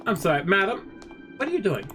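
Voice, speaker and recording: A man's voice: high-pitched, big pitch swings, fairly quick. Swearing man streamer over game music. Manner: swears often, mutters to himself, jumps into shouts. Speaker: streamer playing a horror game. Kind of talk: casual gameplay commentary.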